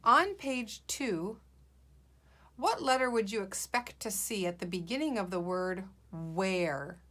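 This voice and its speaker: A woman's voice: medium pitch, lively intonation, slow pace, a bit bright. A woman teacher leading a guided reading lesson for young children, patient and encouraging, sounding out letters and words.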